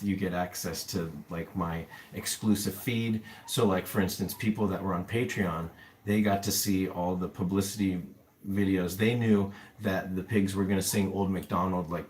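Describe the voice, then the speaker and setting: A low-pitched man who runs an animal rescue chats loosely with live stream viewers from a home room full of pets, filmed by a camera on an upside-down tripod. He rambles, leans on fillers and answers chat comments, with a little hiss or hum in the audio.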